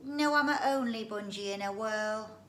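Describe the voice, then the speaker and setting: Woman voicing a tiny squeaky creature, chirping, childlike grammar, very high and loud, roomy echo. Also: normal speed, a little hiss or hum, lightly acted. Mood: chirpy. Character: small lonely orange creature with a trunk.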